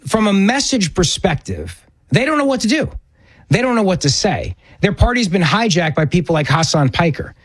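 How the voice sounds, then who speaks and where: A man's voice: sits high, dry recording. A man hosting a political talk radio show, delivering an opinionated monologue and repeating words for emphasis. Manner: emphatic, repeats words when pressing a point.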